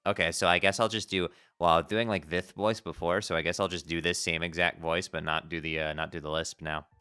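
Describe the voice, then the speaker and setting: Deep-voiced man streaming, thinking aloud. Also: level tone, fairly quick, sharp tone, clean tone. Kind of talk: casual webcomic read-along.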